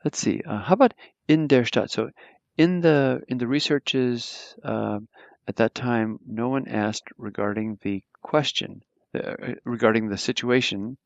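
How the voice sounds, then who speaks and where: A man's voice: mid-range voice, unhurried, dry recording, dull audio. A man teaching a German grammar lesson, explaining patiently with lots of fillers and restarts. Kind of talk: live online grammar lesson.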